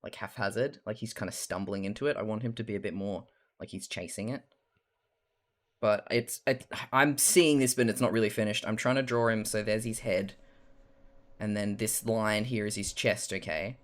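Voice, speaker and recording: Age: young adult. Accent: mild Australian. Role: live streamer. Delivery: loose, rambling chat with frequent laughter and some swearing, in an average pitch. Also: steady tone, moderate pace. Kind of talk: casual chat while drawing on stream.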